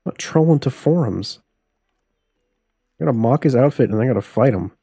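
A man's voice: medium pitch, animated, normal speed, mellow, husky, no room sound, clean studio sound, soft background music. A man streaming a life-sim game live, joking and swearing his way through the commentary. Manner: playful, profane, laughs often.

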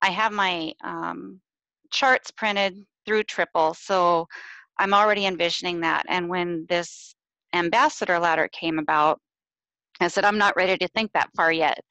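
Hesitant lady on a video call, lots of ums, bright voice, dry sound. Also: lowish voice, dry recording, rough recording. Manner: nervous, hesitant, emotional, with many ums. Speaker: team member sharing reflections. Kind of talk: casual live video chat.

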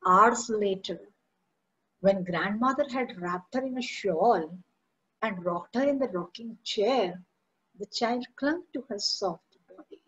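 A woman's voice: mid-range voice, slow, fairly bright tone, highs cut off. A woman teacher with an Indian English accent explaining a school chapter line by line in an online class, mixing in Hindi. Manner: patient, explains each line, switches between English and Hindi.

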